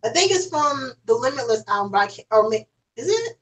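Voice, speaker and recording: A woman's voice: high voice, very animated, fairly quick, fairly bright tone, distant mic, rough recording. Rambling young woman, a bit off-mic. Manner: rambling, heavy use of "like". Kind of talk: casual chat.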